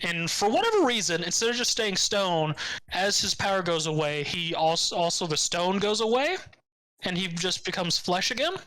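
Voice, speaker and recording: A man's voice: high-pitched, expressive, moderate pace, pushed and bright, no echo, poor audio. A man co-hosting a podcast, casually recapping an anime episode and acting out the characters' lines with sarcastic asides. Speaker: podcast co-host.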